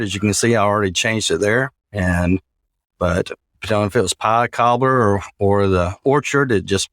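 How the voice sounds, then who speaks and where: A middle-aged man with a Southern US accent, chatting as a guest in a relaxed, chuckling, self-deprecating way. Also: on the low side, dry recording. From Georgia, US. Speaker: guest, psychology professor. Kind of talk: casual interview chat. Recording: dry, close sound.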